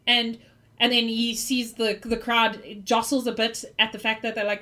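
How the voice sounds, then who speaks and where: Woman game master narrating a tabletop session; playful, laughs easily, fairly high voice. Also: normal speed. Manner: lively, laughs often.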